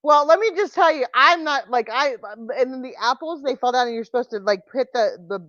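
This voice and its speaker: Woman host, casual livestream chat, somewhat high voice, rambling with restarts, dry lo-fi call audio. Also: brisk, a bit bright, no room sound. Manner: rambling, many restarts and fillers.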